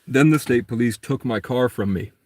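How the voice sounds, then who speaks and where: A man's voice: medium pitch, moderate pace, a little mellow. A man telling a long personal story in a casual, rambling monologue. He acts out the other people's lines in a raised voice.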